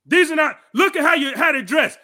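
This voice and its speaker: A man hosting a podcast, giving heated, profane political commentary and shouting angrily. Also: extremely high pitch, expressive, brisk. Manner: angry, shouting, profane ranting. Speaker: podcast host.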